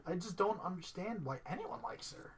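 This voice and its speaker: A man's voice: sits high, animated, normal speed, a little hiss or hum. A man co-hosting a casual podcast, joking crudely and laughing often. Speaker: podcast co-host. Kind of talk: casual chat.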